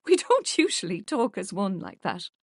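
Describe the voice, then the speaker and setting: A woman voicing a playful young woman who teases her sister, giggly and quick-witted, in an audiobook. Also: mid-range voice, very animated, dry recording, clean studio sound. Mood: teasing. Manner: giggly and teasing.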